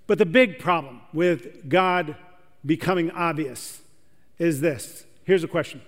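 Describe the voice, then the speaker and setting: A man's voice: on the high side, a little slow, in a large hall. A man preaching a sermon to a large church audience, talking conversationally and putting questions to the crowd. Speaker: pastor.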